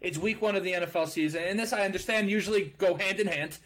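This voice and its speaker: A man co-hosting a casual sports podcast, giving measured, hedged opinions. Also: high voice, fairly bright tone. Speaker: podcast co-host.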